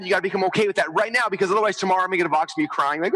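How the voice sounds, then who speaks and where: Fast-talking guy on stage, bright punchy voice, hyped up, acts out the quotes. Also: high-pitched, rough recording. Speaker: speaker on stage. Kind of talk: energetic stage presentation. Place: large event stage.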